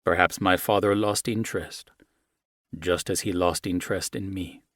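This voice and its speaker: A man reads a first-person romance in a measured, intimate way. His voice sits on the low side and stays soft throughout. The sound is close and completely dry. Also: steady tone, dry recording. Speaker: audiobook narrator.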